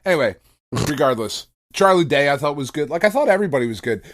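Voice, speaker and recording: Animated, swearing male podcast co-host. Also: on the high side, fast. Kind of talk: casual chat.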